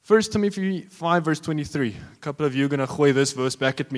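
A man's voice: a little high, fast, few pauses, in a large hall. A man preaching a sermon as pastor, joking and talking straight to his congregation.

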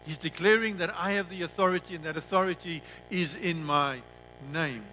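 A man preaching a sermon as pastor, who slows down and drops his voice on key words and repeats himself when telling a story. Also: on the high side, sharp tone, a little hiss or hum, poor audio.

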